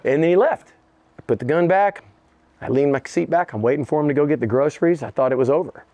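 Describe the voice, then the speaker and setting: On the high side and fast, the man's voice comes through a dry recording with the highs cut off. A middle-aged rapper being interviewed, he tells his story with plenty of profanity and laughter, acting out what other people said.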